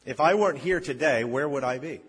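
A man in his fifties preaching a sermon, telling stories and swinging between loud emphasis and hushed, quiet lines. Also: mid-range voice, a little fast. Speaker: pastor. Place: church sanctuary. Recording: long reverb of a church hall.

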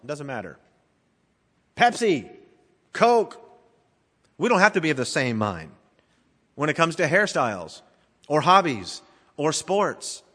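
A middle-aged male pastor preaching a sermon in a church, dramatically swinging between emphatic and hushed delivery. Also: mid-range voice. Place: church sanctuary. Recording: long reverb of a large church hall.

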